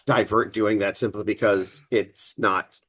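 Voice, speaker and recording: A man from Virginia with a Virginia accent, co-hosting a podcast in emphatic, animated casual chat. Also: lowish voice, measured pace, breathy edge. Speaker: podcast co-host.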